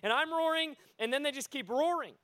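A man preaching a sermon, telling stories in an animated way that rises to near-shouting at its peaks. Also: very high-pitched, a little fast, dry recording. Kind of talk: sermon storytelling.

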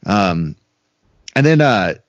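Speaking slowly in a fairly low, sing-song voice, a male podcast co-host rambles casually with many fillers and acted-out quotes. There's no room sound, and the recording is dry, dull, and lo-fi.

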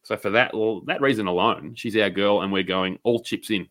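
A man co-hosting a podcast, emphatic and lively in his banter, swearing casually. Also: fairly low pitch, normal speed. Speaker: podcast co-host. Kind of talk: casual banter about boxing.

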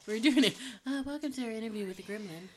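A woman's voice: on the high side, fast talker, a crowd in the background. A woman chatting in a bubbly, silly way, giggling and asking her dog playful questions. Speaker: pet owner vlogging. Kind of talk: casual chat.

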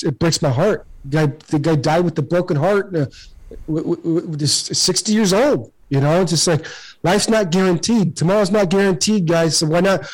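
A man's voice: fairly high pitch, darkish tone, low-quality recording. A man in his forties, a podcast guest and former pro ballplayer, telling his life story in an earnest, emphatic, motivational way and often repeating words as he gets fired up.

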